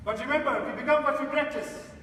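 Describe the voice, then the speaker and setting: Bright-voiced motivational speaker in a hall. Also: male voice, very high voice, fast, distant mic, slight background noise. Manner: emphatic, addresses the audience directly. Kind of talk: inspirational stage talk with a story. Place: large theatre stage. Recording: echoey theatre hall from afar.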